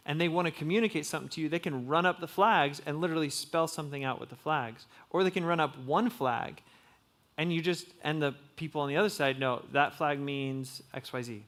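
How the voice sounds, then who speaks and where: A man's voice: fairly high pitch, a little fast, a bit bright. A young man giving a casual, conversational sermon to young adults, full of "like" and "um" fillers.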